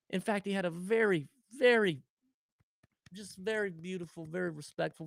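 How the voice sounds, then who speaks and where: A man's voice: on the high side, creaky, dry recording, studio quality. A man co-hosting a podcast, telling stories animatedly with goofy sound effects and casual chat. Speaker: podcast co-host.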